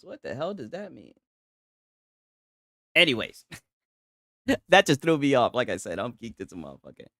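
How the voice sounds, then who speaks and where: A young man talks through gaming news in a loose, profane, mocking way. His pitch leaps all over the place as he reacts. The recording is dry, with no room sound. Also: very animated, normal speed, long pauses, fairly bright tone, dry recording. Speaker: gaming commentary host. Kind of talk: reaction commentary.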